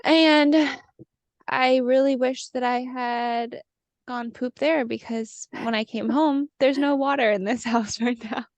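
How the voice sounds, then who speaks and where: A young woman in her twenties chats and giggles her way through a casual podcast conversation, her voice sitting a bit high with a gravelly fry underneath. The sound is close and dry, with no room around it. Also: steady tone, slow, dry recording. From California. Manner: chatty and giggly, fond of filler words. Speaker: podcast co-host. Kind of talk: casual chat. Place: parents' house, video call.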